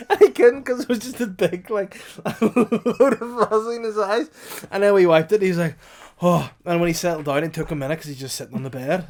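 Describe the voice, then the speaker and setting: Giggly man telling a story. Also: moderate pace. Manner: laughs through his stories, swings high when excited. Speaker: podcast co-host. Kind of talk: casual chat.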